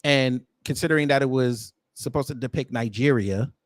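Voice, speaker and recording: A man's voice: medium pitch, moderate pace, no room sound, clean studio sound. An American man doing reaction commentary with a sarcastic, incredulous, slangy delivery. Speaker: commentary vlogger.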